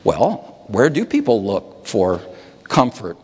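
A man preaching a reflective sermon, musing aloud and slowing down over scripture, lifting his voice on key words. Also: on the low side, huge pitch swings, darkish tone, husky, long reverb tail.

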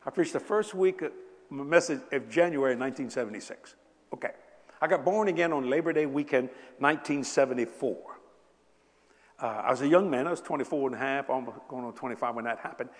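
A man in his seventies preaches a sermon in a mid-range voice at a fairly quick pace, chatting casually with the congregation and telling joking stories. Long hall reverb fills the recording.

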